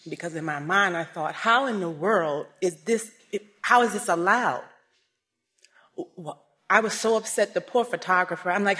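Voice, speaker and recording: A woman giving a personal testimony, swinging between hushed and raised, emotional storytelling. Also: lowish voice, normal speed, slightly rough.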